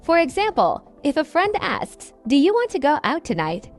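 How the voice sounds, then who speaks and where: A woman with a high, bright-sounding voice that swoops up and down a lot. She co-hosts a scripted English lesson, cheerfully explaining slang with examples. Soft music plays underneath. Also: huge pitch swings, moderate pace. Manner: upbeat, explains phrases with examples. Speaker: co-host and English teacher.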